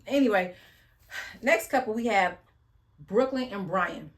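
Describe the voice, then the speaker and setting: Woman vlogger, mid-pitched, casual and blunt, slangy storytelling recap. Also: expressive, slow pace. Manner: chatty, blunt, slangy retelling with sighs.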